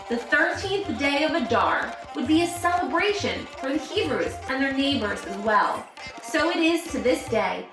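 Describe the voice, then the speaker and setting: A woman tells a children's holiday story, playfully getting listeners to cheer and boo. Her voice is high and she takes her time. She sounds distant in an echoey room with music underneath. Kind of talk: reading a children's Bible story aloud. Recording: roomy sound from a distant mic, music behind.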